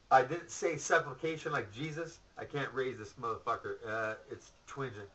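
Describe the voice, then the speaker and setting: A man's voice: mid-range voice, fairly quick, hardly any pauses, sharp tone, low-quality recording. A man telling a rambling story in a profane, ranting monologue, full of asides and curses. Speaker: vlogger.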